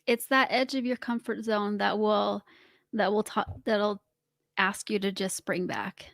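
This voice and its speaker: A woman's voice: mid-range voice, fairly even intonation, unhurried, vocal fry, fairly bright tone, no echo, clean studio sound. A woman guest on a podcast, explaining her ideas casually and laughing at herself as she talks. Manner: laughs while explaining, self-mocking. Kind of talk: casual interview chat.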